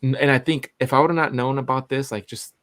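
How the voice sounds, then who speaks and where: A man's voice: medium pitch, fairly even intonation, quick pace, fairly bright tone, no room sound, clean studio sound. A man in his forties, co-hosting a podcast, telling a long family story in a rambling way with lots of restarts and fillers. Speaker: podcast co-host. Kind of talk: casual chat.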